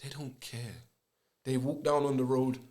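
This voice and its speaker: A man's voice: mid-range voice, fairly even intonation, unhurried, a little mellow. Earnest man making his point. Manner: earnest, reasoning aloud in street slang. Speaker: podcast speaker. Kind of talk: casual podcast conversation.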